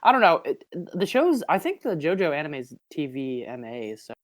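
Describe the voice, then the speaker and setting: A man's voice: a little high, huge pitch swings, normal speed. A young man co-hosting a podcast who jokes crudely, swears constantly and laughs along in casual chat. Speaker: podcast co-host.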